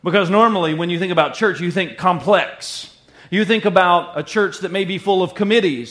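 High-voiced playful preacher man. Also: a little fast, a bit bright. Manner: playful, repeats lines for emphasis. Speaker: pastor. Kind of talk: sermon.

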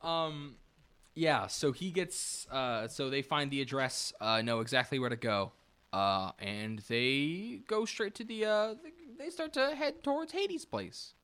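A young man co-hosting a casual book podcast, recapping plot in a halting way with many fillers. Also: medium pitch, fairly bright tone. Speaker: podcast co-host.

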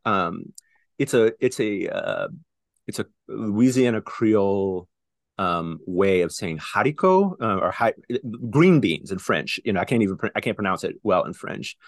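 Deep-voiced Southern US man, chatty. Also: sing-song, a little slow, vocal fry, no echo, studio quality. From born in New Orleans, raised in Houston. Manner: chatty, many fillers and restarts, laughs easily. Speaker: poet guest. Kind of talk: podcast conversation and poetry reading. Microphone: remote call recording.

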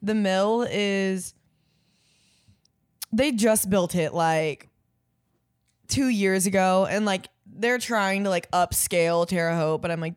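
A woman's voice: medium pitch, slow pace, pauses often, clean tone, no echo, studio quality. Rambling, profane young woman in casual chat. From Indiana, USA. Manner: rambling, profane, full of "like" fillers. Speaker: podcast co-host.

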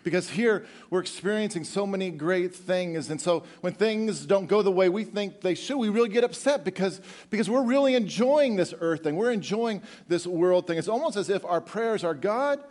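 A middle-aged man preaching a sermon, animated and joking with the congregation, often repeating words as he goes. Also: sits high, moderate pace, few pauses. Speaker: pastor.

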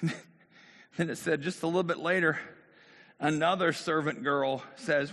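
This sermon comes from a man whose voice is medium in pitch, fairly quick, and somewhat bright, with fairly level intonation. He tells a story and performs the quoted voices of its people, and the hall adds a long reverb.

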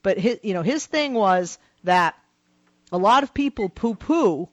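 A woman's voice: medium pitch, animated, unhurried, no room sound, muffled recording. Chatty female radio talk host. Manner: chatty storyteller, many fillers. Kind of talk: casual call-in radio chat. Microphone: studio microphone.

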